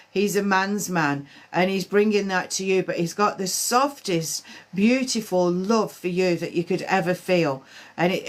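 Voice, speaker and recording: A woman with a lowish voice gives spiritual readings on a live stream from home. She talks in a halting, hesitant way, full of fillers and restarts. She slows down softly whenever she relays a message. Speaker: medium giving readings.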